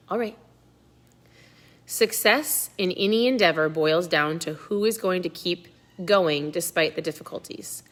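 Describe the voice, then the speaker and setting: Her voice is on the low side yet fairly bright as this middle-aged woman runs a book club over a relaxed live chat. Chatty and direct with viewers, she frequently tags her remarks with "right?"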